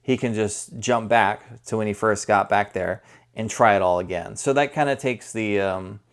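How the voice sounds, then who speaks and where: A man's voice: lowish voice, moderate pace. A man giving a casual spoken movie review, conversational and rambling, often correcting himself as he goes. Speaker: film reviewer.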